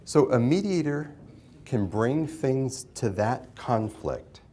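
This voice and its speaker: A man's voice: mid-range voice, expressive, slow pace, dark tone. A man leads a classroom session on mediation. He talks in a conversational way, asks the class questions and repeats their answers back to them. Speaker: mediation instructor. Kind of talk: interactive classroom lecture.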